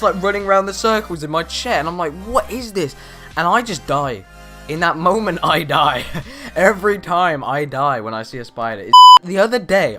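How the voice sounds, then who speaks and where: A teenage boy rambling in casual chat from his bedroom, animated and exaggerating with slang. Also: on the high side. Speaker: vlogger.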